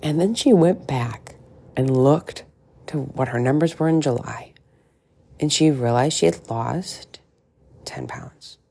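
A woman's voice: low-pitched, a little slow, creaky, warm tone, breathy edge. A middle-aged woman coaching on weight loss in a frank, chatty monologue, swearing freely and tossing in asides. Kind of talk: casual podcast monologue.

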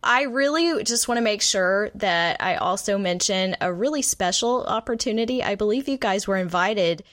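A woman's voice: medium pitch, lively intonation, moderate pace, a bit bright, no room sound, studio quality. A woman co-hosting an education podcast, talking in an effusive, delighted way and heaping praise on her guests. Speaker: podcast co-host. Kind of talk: enthusiastic interview chat.

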